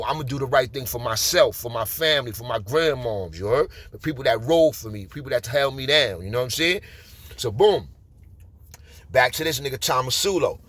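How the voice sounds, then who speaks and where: A man in his forties with a New York accent, telling street stories in a casual, animated way. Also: medium pitch, no room sound. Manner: streetwise, animated, repeats "you heard?". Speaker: storyteller. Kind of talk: casual storytelling.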